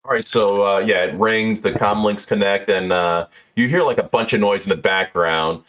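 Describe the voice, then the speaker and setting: A man's voice: on the low side, steady tone, moderate pace, a bit bright. A man narrating as game master of a tabletop role-playing game, loose and hesitant with many fillers.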